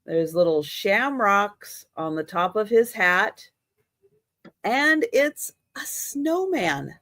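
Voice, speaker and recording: Woman, live auction host, slow easygoing patter, dry close mic. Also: medium pitch, sing-song, fairly bright tone, no room sound. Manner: chatty, laughs at her own slips. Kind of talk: live online auction selling.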